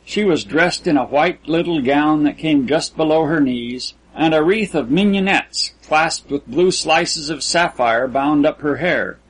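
A man with a husky, slightly raspy voice reads a literary story aloud. His pitch sits a little higher than most men's, and his delivery is measured and even. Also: poor audio. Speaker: audiobook narrator. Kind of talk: scripted literary narration.

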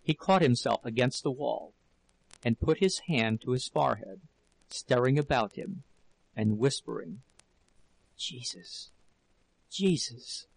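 A man narrating a novel as an audiobook in a measured, dramatic storytelling manner. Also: medium pitch, creaky, low-quality recording.

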